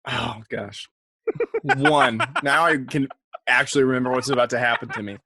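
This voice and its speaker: Man, mid-pitched podcast co-host, rambling and self-deprecating, dry room. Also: moderate pace, pushed and bright, breathy edge, no echo. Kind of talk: casual podcast chat. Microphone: podcast mic.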